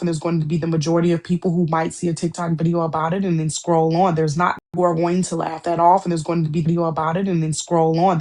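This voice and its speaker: A woman's voice: fairly low pitch, gravelly, a little mellow. A woman co-hosting a podcast, talking in a heated, profane, repetitive way in casual chat. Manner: heated, profane, repeats herself.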